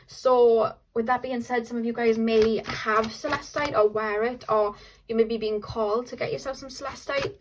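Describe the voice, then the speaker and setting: A woman's voice: a little high, a little hiss or hum, rough recording. A young woman doing a casual tarot reading, chatty and upbeat, often trailing off and restarting. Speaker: tarot reader.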